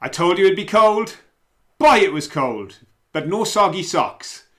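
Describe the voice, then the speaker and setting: A man chatting casually outdoors by a lake as a vlog host, self-mocking and relaxed. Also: sits high, a little slow.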